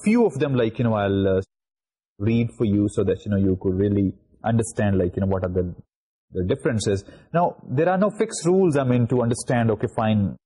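A man's voice: on the low side, animated, brisk, mellow, slightly rough. A middle-aged man from Pakistan with a Pakistani English accent, giving a recorded university lecture and spelling words out letter by letter, with many fillers.

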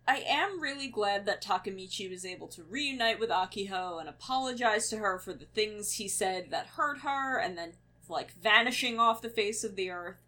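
A woman's voice: mid-range voice, pushed and bright. A woman co-hosting a podcast in casual chat, earnest and conversational. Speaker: podcast co-host.

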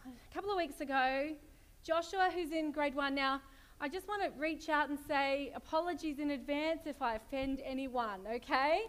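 Woman preacher, high voice, chatty storyteller. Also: normal speed, a bit bright. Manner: chatty storytelling, laughs easily. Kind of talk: sermon.

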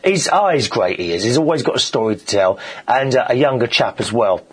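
A man hosting a show, telling gossipy stories in a casual, animated monologue. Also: mid-range voice, fairly quick, breathy edge. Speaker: show host.

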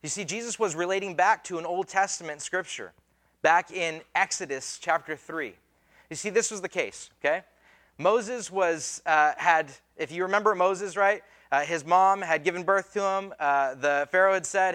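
A man's voice: high voice, normal speed, a bit bright. A man preaching a sermon as pastor, in a casual, conversational way with slang and acted-out quotes.

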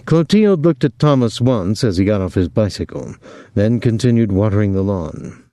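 A man narrating a novel as an audiobook reader, in a measured, steady way. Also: fairly low pitch, dry recording, studio quality. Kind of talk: scripted narration.

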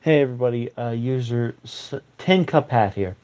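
A man's voice: medium pitch, lively intonation, moderate pace, a little mellow. Smug young man in a comedy sketch. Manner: smug, mock-serious, hesitant with fillers. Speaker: comedian playing forum users. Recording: slightly dull, dry recording.

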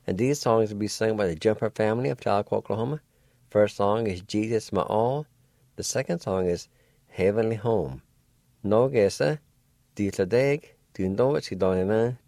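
A man giving a radio language lesson, spelling words and slowly sounding out each syllable in a patient, encouraging way. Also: on the low side, a little mellow, no room sound, studio quality. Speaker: language teacher.

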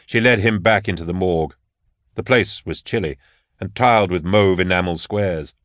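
Deep-voiced male audiobook narrator. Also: moderate pace, fairly bright tone, dry recording, studio quality. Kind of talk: scripted narration.

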